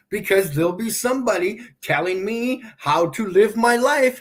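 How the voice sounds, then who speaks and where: Answering viewer comments on his livestream, this man rants sarcastically and sounds exasperated. His voice sits high and is expressive, at a moderate pace with few pauses.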